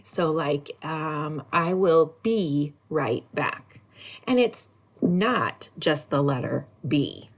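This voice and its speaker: A woman teaching a recorded lesson for kindergartners, spelling words slowly in a sing-song way. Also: on the low side. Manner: slow, sing-song spelling with lively ups and downs. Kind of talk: recorded lesson for young children.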